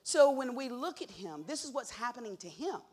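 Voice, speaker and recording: Woman preaching hard, goes from whispery to loud, says the same words over and over for punch. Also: fairly high pitch, big pitch swings, moderate pace, slightly rough. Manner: swings from hushed whispers to loud emphatic cries; repeats key words for emphasis. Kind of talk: sermon.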